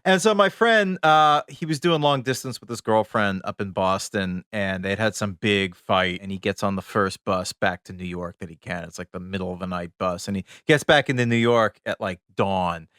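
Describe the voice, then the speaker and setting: A man co-hosting a podcast, telling a long anecdote in a lively, casual way and dropping his voice low for asides. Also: normal speed, few pauses, smooth, no echo, clean studio sound. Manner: animated storyteller, drops voice low for asides. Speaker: podcast co-host. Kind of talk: casual chat, storytelling.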